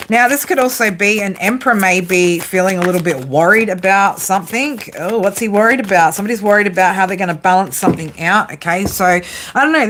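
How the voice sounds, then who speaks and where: A woman hosting a relaxed live tarot stream at a medium pitch, joking with her audience and sprinkling in swear words between card pulls. A faint hiss sits under her close, informal voice. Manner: teasing, profane banter with viewers. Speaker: psychic tarot reader.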